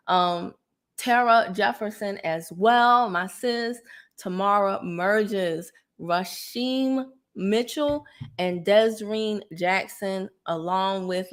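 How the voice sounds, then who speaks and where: Chatty woman hosting a livestream. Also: medium pitch. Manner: chatty, gives shout-outs, laughs often. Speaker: livestream host. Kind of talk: casual livestream chat.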